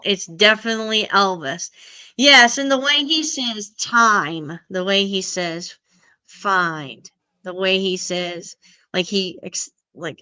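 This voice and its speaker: Bright, smooth-voiced woman stream host. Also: mid-range voice. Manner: chatty, greets and answers viewers' comments. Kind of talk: casual live stream chat.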